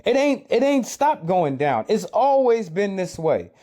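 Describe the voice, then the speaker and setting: A man's voice: high voice, very animated, unhurried, warm tone. A man from the United States giving urgent, preachy commentary on a video clip, repeating his points to his listeners. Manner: urgent, lecturing, repeats himself.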